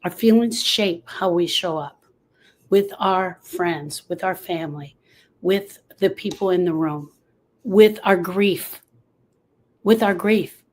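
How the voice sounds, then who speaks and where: This low-quality recording, with slight background noise, features a woman with a lowish voice who takes her time. As a grief coach and podcast host speaking to camera, she goes through coping tools and repeats the phrases that matter most.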